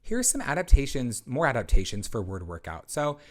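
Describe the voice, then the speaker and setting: A man's voice: mid-range voice, big pitch swings, brisk. A man who researches literacy, presenting a webinar for parents and explaining teaching routines step by step, with teacher-style prompts.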